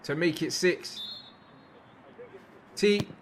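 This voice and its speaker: A young man giving casual, slangy reaction commentary over football footage, repeating phrases and breaking into loud outbursts at big moments. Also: a little high, moderate pace, a little hiss or hum.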